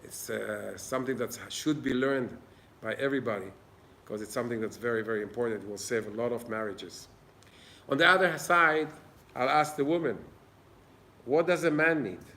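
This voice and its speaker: A man's voice: medium pitch, normal speed, gravelly, bright, forceful tone. Earnest man teaching Torah. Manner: earnest, plain-spoken, acts out little dialogues. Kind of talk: informal Torah class. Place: old synagogue.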